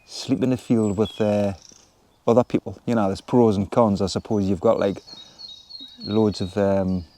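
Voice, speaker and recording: A man, chatting casually in a relaxed, rambling way as he vlogs from a woodland wild camp. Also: on the low side, measured pace, a little hiss or hum. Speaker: vlogger. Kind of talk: casual outdoor vlog talk. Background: birds and woodland ambience.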